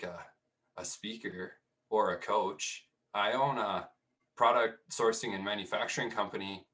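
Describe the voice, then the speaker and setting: A man's voice: medium pitch, sharp tone. A young man giving a casual, chatty talk, telling a personal story with many restarts. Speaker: speaker.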